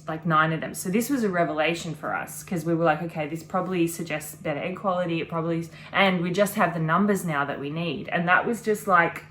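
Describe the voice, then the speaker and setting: Earnest low-voiced woman vlogger. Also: a bit bright, a little hiss or hum. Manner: earnest, reflective, talks in long run-on sentences. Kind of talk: casual chat.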